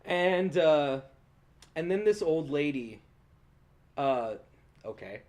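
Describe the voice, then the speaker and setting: A young man hosting a podcast, telling a story in a casual, animated way, swearing often and laughing along. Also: fairly high pitch, takes it slowly. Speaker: podcast host.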